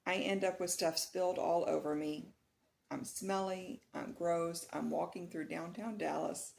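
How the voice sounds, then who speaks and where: Casual vlogger, middle-aged woman from Texas with a lower voice, lively and laughing while telling a story. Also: unhurried, gravelly. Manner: animated, laughing retelling of a nightmare.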